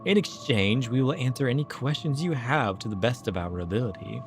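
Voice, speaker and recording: A man reading the lines of a solemn, otherworldly ghostly creature in a stately, measured way. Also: mid-range voice, over music, close to an everyday voice.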